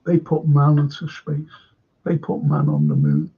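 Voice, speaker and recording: Gravelly, slow Scouse man. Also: fairly high pitch, sing-song, narrow, tinny audio. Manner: rambling, chatty, stop-start. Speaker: live stream host. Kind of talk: casual chat reading viewer comments.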